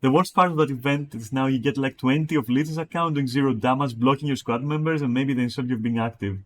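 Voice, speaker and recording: Guy streaming, swears a lot, mocks chat msgs he reads out, mid pitch. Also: fast. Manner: profane, mocking, reads chat messages aloud. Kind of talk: casual live-stream chat.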